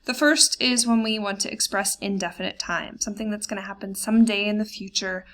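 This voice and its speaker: A woman teaching a recorded German grammar lesson over slides, explaining plainly with lots of ums and uhs, slowing down for example words. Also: medium pitch, a bit bright. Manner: plain explanatory tone with frequent fillers.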